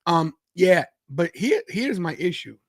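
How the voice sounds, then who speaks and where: High-voiced man chatting casually. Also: sing-song, a little slow, no room sound, clean studio sound. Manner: playful, gives context and opinions. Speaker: podcast co-host. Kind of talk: casual chat.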